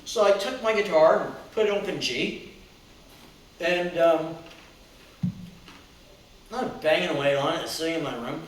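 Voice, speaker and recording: An older man with a slightly high voice tells a rambling story full of restarts and fillers. He sounds a little distant from the mic, in a very echoey room with faint background noise. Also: normal speed, long pauses. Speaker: guest songwriter and guitarist. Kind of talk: casual chat, storytelling.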